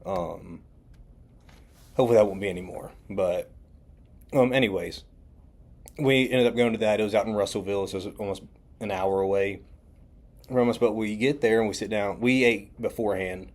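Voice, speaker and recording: A man's voice: lowish voice, normal speed, pauses often. A young man hosts a podcast alone, telling a story casually with many ums and restarts. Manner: rambling, with many ums and quoted dialogue. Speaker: podcast host.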